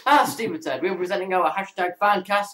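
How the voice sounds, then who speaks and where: A man's voice: high-pitched, fairly quick, fairly bright tone. Male quiz host, casual, restarts often, echoey room with faint hiss. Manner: joking, stumbling restarts. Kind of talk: casual podcast banter.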